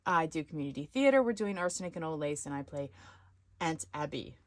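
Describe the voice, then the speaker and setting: A woman hosting a casual live stream, chatting and rambling as she thinks out loud. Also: low-pitched, animated, a little fast, a little hiss or hum. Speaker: live-stream host of a sewing channel.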